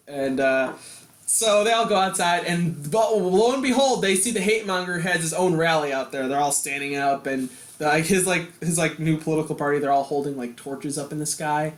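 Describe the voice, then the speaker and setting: High-voiced rambling guy, echoey room. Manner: rambling, lots of fillers and restarts, laughs. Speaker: podcast co-host. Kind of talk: casual chat recapping a comic.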